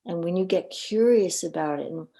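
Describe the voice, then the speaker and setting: A coach and minister speaking as a podcast guest, she has a creaky voice on the low side and a moderate pace. Her personal storytelling is earnest and animated, with frequent repeated words.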